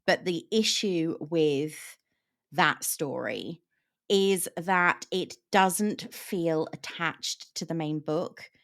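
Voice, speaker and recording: A woman discussing a novel in relaxed conversation, explaining points carefully. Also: low voice, extremely slow. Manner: explanatory, thoughtful. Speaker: book discussion host. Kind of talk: casual book chat.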